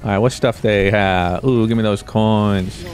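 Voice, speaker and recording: A man commentating his own gameplay as a video host, joking around and breaking into sudden high yelps. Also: fairly even intonation, unhurried, darkish tone, soft background music. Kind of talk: let's play commentary.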